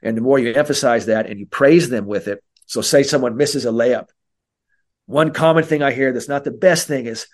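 A mental skills coach talks through his ideas in a podcast interview, animated and quick to act out voices. He is a man with a middle-pitched voice and no particular accent.

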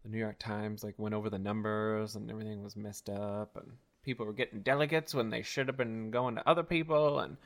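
A man from Canada in casual chat, campy and quick to laugh, telling stories with lively, put-on quotes over a video call. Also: on the low side, gravelly. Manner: campy, laughs often, animated storytelling.

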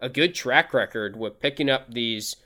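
A young man co-hosts a sports show in a bright voice. He talks in an easygoing, laid-back way and breaks down players with calm analysis. The delivery is casual and conversational. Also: medium pitch, normal speed.

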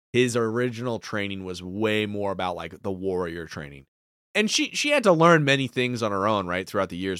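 A man co-hosting a podcast, talking in an animated, profane, casual way. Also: fairly low pitch, clear, resonant tone, no echo, studio quality. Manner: animated, profane, laughs often. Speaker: podcast co-host. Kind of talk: casual chat.

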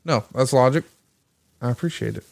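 A man hosting a podcast, chatty and quick to laugh, telling stories in casual conversation. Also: medium pitch, creaky, a little mellow. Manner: chatty storyteller, laughs a lot. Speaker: podcast host.

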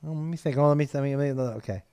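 A man's voice: mid-range voice, rapid-fire, warm tone, smooth, no echo. A man hosting a casual chat, blunt and teasing, who laughs as he tells stories.

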